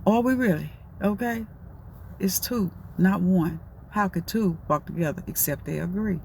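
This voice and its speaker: A woman's voice: on the low side, a little slow, vocal fry, a little mellow, a little hiss or hum. A middle-aged woman giving a casual, preachy motivational talk, folksy and repetitive. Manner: folksy, preachy, repeats herself. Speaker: motivational talker.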